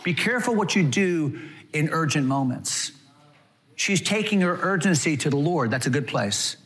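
Animated high-voiced male preacher. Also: moderate pace. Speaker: pastor. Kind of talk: sermon.

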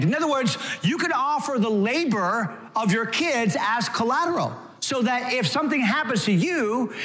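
Lively high-voiced male preacher. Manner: animated preaching, acting out quotes. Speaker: pastor. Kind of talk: sermon.

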